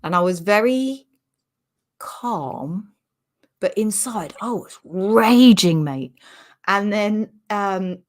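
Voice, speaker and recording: A British woman comedian in her forties, telling a sweary, animated anecdote in casual chat over a remote call. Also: mid-range voice, slow. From Britain. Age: 40s. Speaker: comedian guest.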